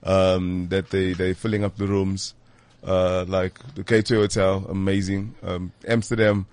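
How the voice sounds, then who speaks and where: A man talking casually as a comedy guest, relaxed and often laughing, with frequent pauses. His voice sits fairly low and sounds dry and close. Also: dry recording. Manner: laid-back, laughing, halting. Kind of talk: casual chat.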